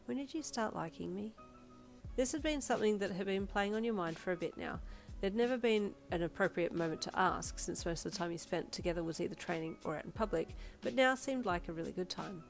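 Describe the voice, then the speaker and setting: A woman reads a fan-written story aloud in steady storybook narration. Her voice sits a little low. A faint music bed plays behind her. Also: quick pace. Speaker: fanfiction reader. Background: background music.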